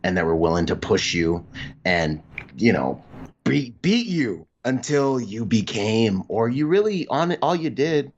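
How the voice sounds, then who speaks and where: A man hosting a casual podcast conversation, animated and full of slang, his voice leaping high when he gets excited. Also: unhurried, highs cut off, a little hiss or hum. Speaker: podcast host.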